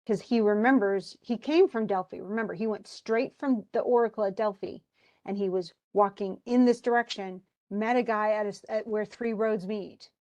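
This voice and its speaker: A woman's voice: medium pitch, normal speed. Woman teacher retelling a play casually. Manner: lively, casual retelling with slangy asides. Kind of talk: classroom lecture retelling a play.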